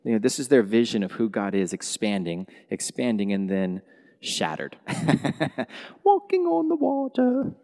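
A middle-aged man preaching a sermon as a pastor, talking in an animated way, acting out dialogue and laughing often as he speaks. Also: lowish voice, a little slow. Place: church hall. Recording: long hall reverb.

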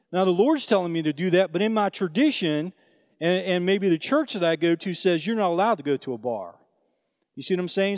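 Man preaching in church, slightly high voice, chatty and loose, talks straight to the congregation. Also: darkish tone. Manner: conversational, many fillers and asides to the congregation. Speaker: lay preacher. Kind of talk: sermon.

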